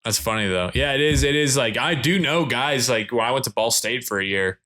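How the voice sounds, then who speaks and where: A man co-hosting a podcast, talking in a relaxed, rambling way with self-conscious laughs. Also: mid-range voice, a little fast. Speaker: podcast co-host. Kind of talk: casual chat.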